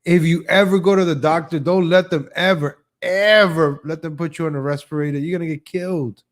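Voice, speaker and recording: A man with a slightly higher voice, hosting a live show and ranting casually. He is sarcastic and opinionated and jumps from topic to topic. He often stumbles over his first words and mocks other people in exaggerated voices. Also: fairly even intonation, brisk. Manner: repeats words at the start of sentences. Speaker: host of a live online show.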